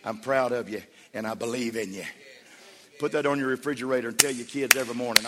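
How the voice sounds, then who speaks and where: A man's voice: medium pitch, fast talker, a crowd in the background. A man pastor preaching a sermon in a church, emphatic and repetitive. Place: church sanctuary. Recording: long church reverb.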